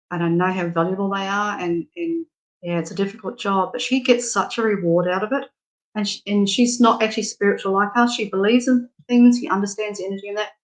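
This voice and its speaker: A middle-aged woman with an Australian accent chats through a spiritual reading on a live stream. Her voice sits at an everyday pitch, and her delivery is frank, affectionate and full of easy laughter. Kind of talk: casual live-stream chat.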